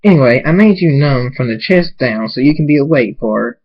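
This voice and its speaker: A man voicing a sadistic male pony villain who speaks in a flat, unhurried, taunting way, on a dull lo-fi mic. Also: mid-range voice, breathy edge.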